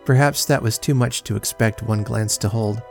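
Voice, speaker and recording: A man's voice: on the low side, fairly even intonation, vocal fry, faint music behind. Man reading an old story aloud. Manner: measured, dry storybook reading. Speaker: podcast host reading a story. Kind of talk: storytelling narration.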